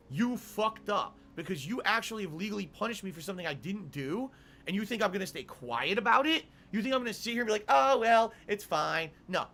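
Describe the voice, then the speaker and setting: Indignant middle-aged man, swearing rant, high and bright. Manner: indignant, swearing, repeating demands. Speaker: streamer. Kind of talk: angry rant to camera.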